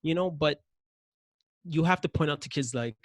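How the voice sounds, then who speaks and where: Animated man telling stories, dry sound. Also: a little high, normal speed, no room sound. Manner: animated, acts out yelling in anecdotes. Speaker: podcast guest. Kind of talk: casual interview storytelling.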